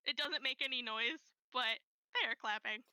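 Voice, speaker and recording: Woman game master, high, very bright voice, gentle unhurried narration, dry close mic. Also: smooth, no room sound, poor audio.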